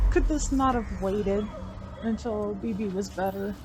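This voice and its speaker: A woman's voice: medium pitch, a little slow, over loud music. A woman in her thirties giving let's play commentary, cooing, joking and getting exasperated. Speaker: gaming streamer.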